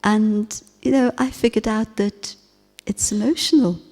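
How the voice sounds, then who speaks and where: A woman giving a spiritual class talk, speaking in a gentle, reflective way with soft emphasis. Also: mid-range voice, fairly even intonation, a little slow. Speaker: spiritual teacher. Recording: long hall reverb.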